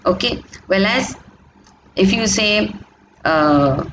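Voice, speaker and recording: A woman teaching a grammar lesson in a patient, explanatory way. She repeats key points and keeps checking that her students follow. The recording carries a clear hiss of background noise. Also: mid-range voice, expressive, takes it slowly, a bit bright, poor audio.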